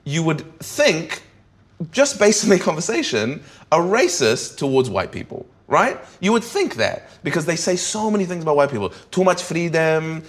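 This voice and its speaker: A comedian talking candidly in an interview, thinking aloud with frequent restarts and tag questions. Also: male voice, a little high, very animated, moderate pace. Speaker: comedian guest.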